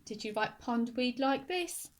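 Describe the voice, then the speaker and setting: A woman teaching a phonics lesson to young children, speaking slowly and clearly and sounding out words syllable by syllable. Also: a little high, lively intonation. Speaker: primary school teacher.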